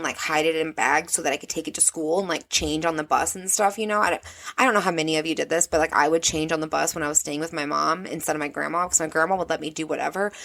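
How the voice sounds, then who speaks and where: Brief: Midwestern woman, podcast storyteller, low-ish voice, blunt and profane, wry. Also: vocal fry, fairly bright tone. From American Midwest. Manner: candid, swears freely, wry asides. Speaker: podcast host. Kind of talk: casual storytelling monologue.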